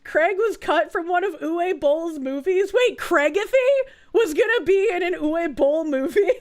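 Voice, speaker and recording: A woman's voice: very high voice, lively intonation, a little slow. A woman streamer chatting casually and reading out chat messages, swearing freely and laughing a lot.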